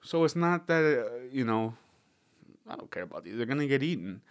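A man's voice: medium pitch, big pitch swings, fairly quick, no room sound, studio quality. A young man hosting a podcast, rambling casually with jokes and swearing. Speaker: podcast host. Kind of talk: casual comedic podcast chat.

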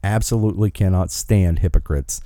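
A man's voice: low-pitched, normal speed, mellow, no echo, studio quality. A man hosting an opinion podcast, delivering an angry, emphatic rant. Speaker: commentary host.

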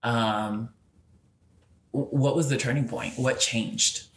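Male interview host, average pitch, supportive; roomy recording. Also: steady tone, slow pace, fairly bright tone. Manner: supportive, frequent brief affirmations. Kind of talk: casual interview. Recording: roomy echo.

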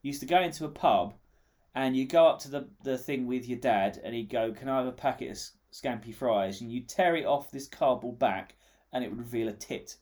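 A man's voice: mid-range voice, brisk, a little mellow. An English man hosting a casual comedy podcast, telling a rambling, jokey story with lots of fillers. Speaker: podcast host.

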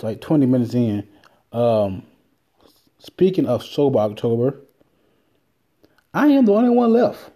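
A man hosting a solo podcast, rambling and cursing freely as he tells stories in a casual, animated way. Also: medium pitch. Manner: profane, rambling, animated storytelling. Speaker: podcast host.

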